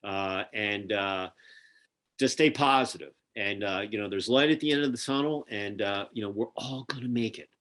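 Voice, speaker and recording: A man's voice: fairly low pitch, moderate pace, fairly bright tone. A man with a Philadelphia accent hosting a casual interview over a video call, chatty and rambling with lots of fillers. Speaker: podcast host. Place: home near Atlanta.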